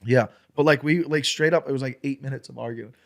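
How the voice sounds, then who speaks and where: Comedian guy telling a story on a podcast, mid-pitched, swears a lot, gets loud acting stuff out. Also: fast talker, gravelly. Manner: animated, profane, acts out the argument he is describing. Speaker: guest comedian.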